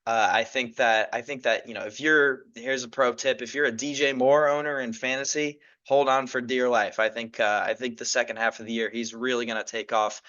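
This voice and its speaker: Bright-voiced casual podcast guy. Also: medium pitch, muffled recording. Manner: casual, rambling, many fillers and restarts. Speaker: podcast host. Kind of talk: solo sports podcast chat.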